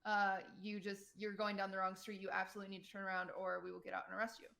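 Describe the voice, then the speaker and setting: A young woman streamer telling a personal story to her chat in a casual, animated way, full of fillers and quoted voices. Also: mid-range voice, racing, creaky. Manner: animated retelling, quotes people, many "like" fillers.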